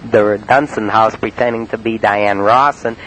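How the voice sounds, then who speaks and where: A man from Cleveland telling about his prank calls in a halting, rambling monologue full of uh and um. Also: on the low side, fairly even intonation, a bit bright, low-quality recording. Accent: Cleveland, Ohio. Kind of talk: rambling spoken-word monologue. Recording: faint hiss on an old cassette tape.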